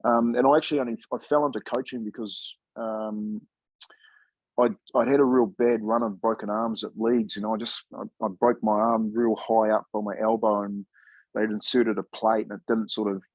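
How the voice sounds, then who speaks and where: A husky man in his fifties, from New Zealand, talks through his old coaching days in a relaxed, chatty way. He calls people "mate" and acts out the voices of people he quotes. His voice sits close and dry, with no room around it. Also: fairly low pitch, moderate pace, dry recording, rough recording. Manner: laid-back, chatty, says "mate" often, acts out quoted dialogue. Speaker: former rugby league player and coach, guest. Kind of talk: casual storytelling interview.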